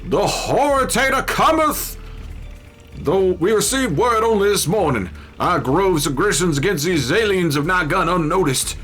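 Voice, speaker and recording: A man's voice: high-pitched, fairly bright tone, voice pushed up. A man voicing a pompous male tree-cult preacher with a put-on Southern US accent, reading game text in a grandiose sermon style.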